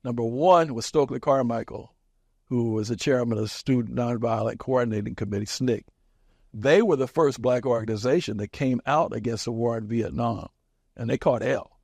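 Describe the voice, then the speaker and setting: An older man in his seventies, from a small Kansas town, speaks in a reflective interview, telling his story with emphasis and a wry edge. His voice sits at a middle pitch for a man. The sound is dry and close, with no room echo. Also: moderate pace, vocal fry, darkish tone. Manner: emphatic, wry, chuckles at his own stories. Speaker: interviewee, community activist.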